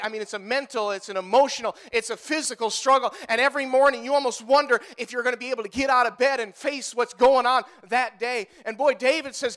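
A man's voice: very high voice, fairly bright tone. A male pastor preaching a sermon to his congregation, driving his points home with emphatic repetition.

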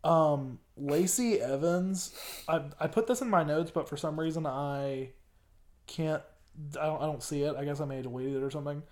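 A man's voice: fairly high pitch, moderate pace, darkish tone. A man from the US South hosting a casual podcast, talking in a rambling, hesitant way with many ums. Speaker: podcast host. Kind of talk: casual chat.

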